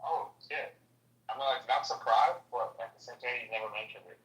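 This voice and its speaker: A man's voice: medium pitch, brisk, a bit bright. Blunt teasing man, echoey room. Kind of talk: casual chat. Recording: echoey room, far from mic.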